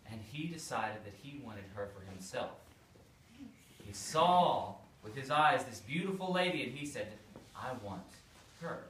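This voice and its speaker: A man, a priest, telling a story to children in a playful, animated way. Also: mid-range voice, a little slow. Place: church hall. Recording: echoey room, far from mic, faint noise.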